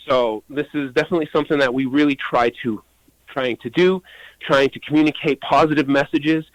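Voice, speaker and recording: A man's voice: fairly high pitch, dry recording, rough recording. Male puppeteer interviewee; eager and talkative, recorded dry. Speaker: puppeteer guest. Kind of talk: interview answers.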